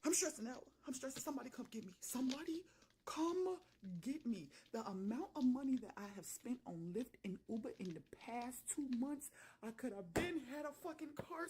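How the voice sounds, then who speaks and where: A woman's voice: sits high, brisk, darkish tone, slight background noise. A woman vlogger delivering an exasperated, profane, dramatic rant to camera from her home kitchen.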